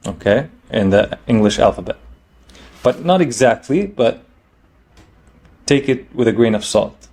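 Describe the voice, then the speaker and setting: A man teaching a language lesson, explaining each letter patiently, checking in with "okay?" and slowing down to model the sounds. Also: medium pitch, warm tone. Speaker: Arabic teacher.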